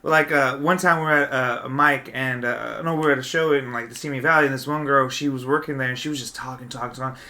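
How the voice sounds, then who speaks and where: A man's voice: mid-range voice, steady tone, quick pace, hardly any pauses, sharp tone. A man hosting a podcast, chatting loosely, swearing freely and laughing often. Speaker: podcast host. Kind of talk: casual chat.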